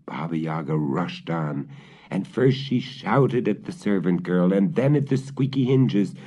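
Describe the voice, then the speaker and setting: Brief: dramatic male storyteller, slow and expressive, warm low tone, lo-fi. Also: slightly rough. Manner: theatrical, slow, relishing. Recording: dull lo-fi old recording.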